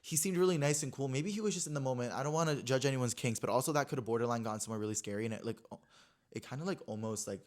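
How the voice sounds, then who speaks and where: A young man hosting his own podcast from home, telling a personal story in an animated, gossipy way, full of "like" and swearing. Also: mid-range voice, racing. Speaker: podcast host. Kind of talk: casual storytelling chat.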